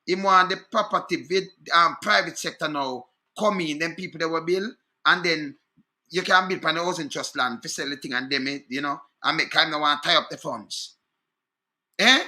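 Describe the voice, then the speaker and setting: A Jamaican man with a high voice and a very bright, sharp tone rants about politics. He is indignant and talks to his listeners directly, checking in with them again and again. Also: normal speed. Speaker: online commentator. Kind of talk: animated political rant.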